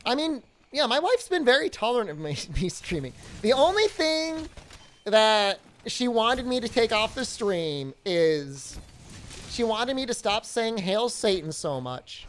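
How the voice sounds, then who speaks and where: A woman's voice: a little high, unhurried. Woman gamer streaming, jokey and chatty, voice bounces all over, bit of faint hiss. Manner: jokey, answers chat aloud, lively. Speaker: game streamer. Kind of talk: casual live-stream chat while gaming.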